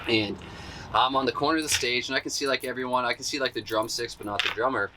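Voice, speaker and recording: An interview guest tells a long personal story in a laid-back, slangy way, animatedly acting out what people said in a raised voice. He has a mid-range voice, speaks fast, and there is background noise.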